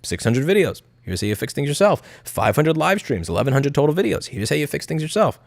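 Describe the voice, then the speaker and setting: A man's voice: a little high, very animated, fast, creaky, no echo. A man chatting casually on a live stream, blunt and profane, slipping into mocking impressions of others. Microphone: studio mic.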